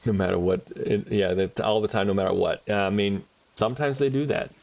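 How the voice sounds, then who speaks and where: A man's voice: lowish voice, steady tone, a little fast, gravelly, a little mellow. A man streaming a game, chatting casually and rambling with frequent laughs. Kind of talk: casual chat while gaming.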